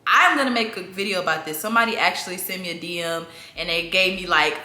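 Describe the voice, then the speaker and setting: A young woman vlogger answering viewers' parenting questions in a casual sit-down chat, laughing often and breaking into lively, high voices when she acts out talking to her toddler. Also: quick pace. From southern United States. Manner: chatty, laughs often, lively acted-out baby-talk bursts. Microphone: camera mic. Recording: echoey room, faint room noise.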